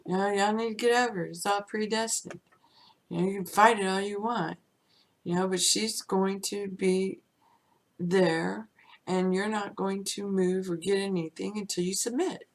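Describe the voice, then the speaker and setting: A woman giving an unscripted spiritual teaching, musing and drifting into soft whispers and chuckles. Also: mid-range voice, fairly even intonation, normal speed.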